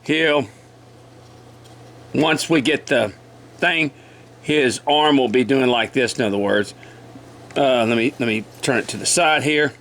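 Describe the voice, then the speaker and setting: A man's voice: mid-range voice, a little slow, long pauses, a bit bright. Man with a cold, folksy carving teacher. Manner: folksy, repeats measurements, frequent throat clearing. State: has a cold. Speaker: woodcarving instructor. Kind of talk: casual step-by-step demonstration.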